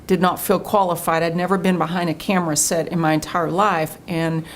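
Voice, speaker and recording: A middle-aged woman from Oklahoma, a state official answering interview questions in an earnest, storytelling way that turns animated when she quotes people. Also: fairly low pitch, a little fast, slight background noise.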